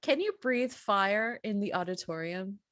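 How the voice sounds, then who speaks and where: A woman's voice: mid-range voice, animated, a little slow, fairly bright tone. A woman player in a tabletop role-play game who describes her character's moves with frequent giggles. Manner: giggly, laughing through her plans.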